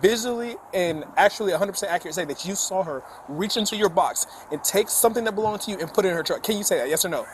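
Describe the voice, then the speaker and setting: A male police officer questioning a man outdoors in a firm, measured way, reasoning step by step, on body camera audio. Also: sits high, lively intonation, background noise. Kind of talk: calm questioning on bodycam. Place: outdoors in an apartment complex.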